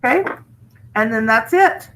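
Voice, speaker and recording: Chatty high-voiced teacher woman. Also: lively intonation, measured pace, a bit bright, a little hiss or hum, low-quality recording. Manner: chatty, encouraging, repeats "okay?" to check in. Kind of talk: recorded phonics lesson.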